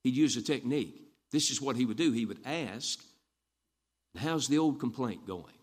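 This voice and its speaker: A man's voice: medium pitch, animated, moderate pace. A man preaching a folksy sermon, telling stories and repeating lines for emphasis. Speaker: Baptist preacher.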